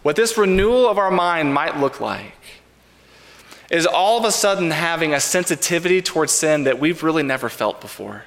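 A man's voice: fairly high pitch, expressive, a bit bright. Man preaching, reverberant sanctuary. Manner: earnest, measured preaching with repeated refrains. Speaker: pastor. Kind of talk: sermon. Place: church sanctuary.

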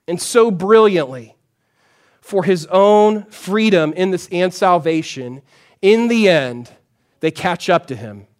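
A man, a pastor, preaching a sermon in a conversational storytelling way, often dropping to a soft, low voice for emphasis.

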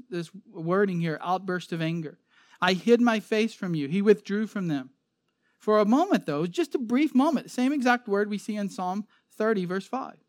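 Guy preaching a bible sermon, kinda high voice, earnest, leans on the verses, dry close sound. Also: dry recording. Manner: earnest, emphatic, reads scripture aloud with added commentary. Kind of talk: sermon, expository Bible teaching.

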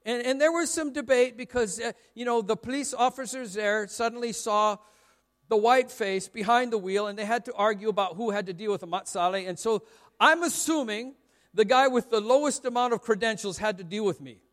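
A middle-aged pastor delivers a light, joking sermon, spinning anecdotes in a loose, self-mocking way. His voice sits high for a man. The sound trails off in the long reverb of a large hall. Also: brisk, a bit bright. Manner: chatty, self-mocking storytelling with frequent laughs. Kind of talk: humorous sermon.

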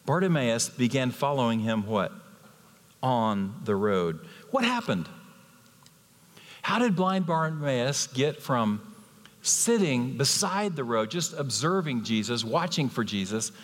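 Male preacher with hall reverb. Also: mid-range voice. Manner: emphatic, asks rhetorical questions. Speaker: guest preacher. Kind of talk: sermon.

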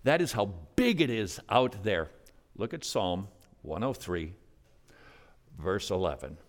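A male pastor preaching a sermon, swinging from loud, emphatic lines to hushed, near-whispered ones. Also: on the low side, lively intonation, measured pace.

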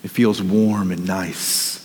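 A man's voice: low-pitched, flat delivery, slow pace, darkish tone, breathy edge, big-room sound. A man preaching a sermon as a pastor, earnest and urgent, telling vivid stories.

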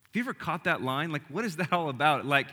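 A male pastor with a bright, forceful voice gives a conversational sermon, lively and casual at times and hushed at others. His voice rings through a hall with a long reverb tail. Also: on the high side, fast, husky. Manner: casual and animated, dropping to soft hushed tones. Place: church hall with audience.

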